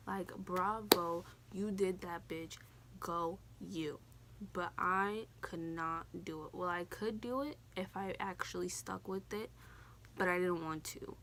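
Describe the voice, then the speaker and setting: A woman's voice: on the low side, slow, a bit bright, a little hiss or hum. A teenage woman telling a personal story in a casual, candid vlog, swearing now and then. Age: teens. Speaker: vlogger.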